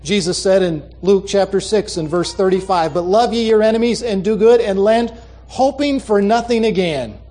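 A man's voice: high voice, moderate pace, mellow. A man preaching a sermon, reading letters aloud and commenting on them, repeating a key phrase for the congregation. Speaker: pastor.

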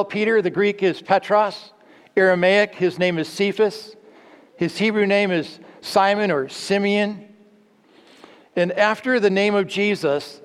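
A man delivers an earnest teaching sermon, posing rhetorical questions and sometimes stumbling to restart a phrase. His voice sits a little high for a man. The sound carries a long hall reverb around it. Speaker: preacher.

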